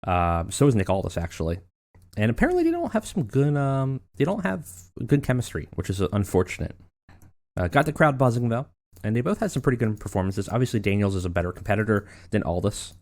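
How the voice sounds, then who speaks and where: A man's voice: on the low side, very animated, fast, a little mellow. A man casually narrating a wrestling management game, rambling with many fillers. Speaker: let's play narrator.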